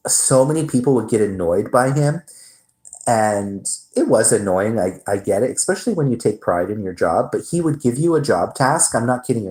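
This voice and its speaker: A man's voice: mid-range voice, a little mellow, poor audio. Laid-back rambling male streamer. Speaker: livestream host. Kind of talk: casual livestream chat.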